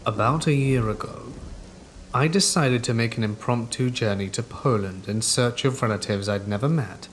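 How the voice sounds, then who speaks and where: A man reading a first-person horror story aloud in a calm, measured way, as scripted narration. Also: mid-range voice, slight background noise. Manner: calm, measured storytelling meant for falling asleep. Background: rain falling.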